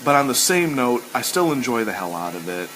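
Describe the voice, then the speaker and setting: Man, casual host chat, rambling, enthusiastic, mid-pitched, faint background hiss. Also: very animated, fairly quick, a bit bright, rough recording. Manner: rambling and enthusiastic, acts out quoted lines. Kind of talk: casual chat while sketching.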